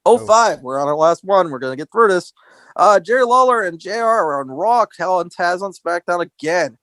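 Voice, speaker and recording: A man co-hosting a podcast, recapping wrestling history in animated casual chat and acting out quotes in a raised voice. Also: sits high, normal speed, no echo. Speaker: podcast co-host.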